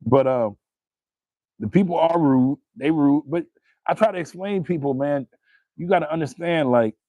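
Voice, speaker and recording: A young man from New Jersey with a New Jersey accent, chatting casually on a live stream, animated and profane, laughing often. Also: fairly high pitch, normal speed, dry recording, narrow, tinny audio.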